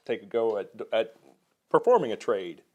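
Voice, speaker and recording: Interview guest: Maryland man, measured and earnest, voice sits low. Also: sing-song, warm tone, dull audio. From Maryland, USA. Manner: measured, earnest, repeats words when restarting. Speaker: business co-owner, guest. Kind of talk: conversational interview.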